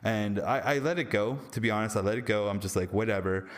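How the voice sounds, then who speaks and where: A man's voice: lowish voice, fast. Rambling man reviewing movies. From Canada. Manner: rambling, slangy and jokey, with lots of restarts. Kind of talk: casual movie review vlog.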